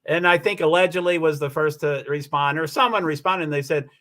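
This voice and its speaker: A man with a high, bright voice hosts a casual livestream, thanking viewers and wandering between points. He talks in a loose, rambling way, full of ums and restarts. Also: brisk. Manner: rambling, chatty, with many fillers and restarts. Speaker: livestream host.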